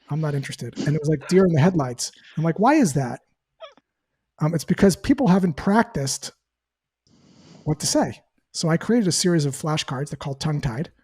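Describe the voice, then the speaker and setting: Mellow-voiced man explaining sales calls. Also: on the high side, slightly rough. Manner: explains with acted-out call examples. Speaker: sales trainer. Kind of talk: interview answer, teaching tone.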